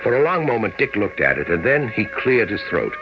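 An actor playing a calm, wry male friend who narrates and asks measured, gently questioning lines, in old-time radio acting. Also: on the low side. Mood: storytelling. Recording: dull old radio recording with music.

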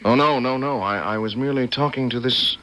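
A man's voice: medium pitch, brisk, bright, forceful tone, slight background noise, lightly acted. An actor playing an earnest, timid village boy who stammers and worries aloud. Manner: stammering, anxious, easily upset.

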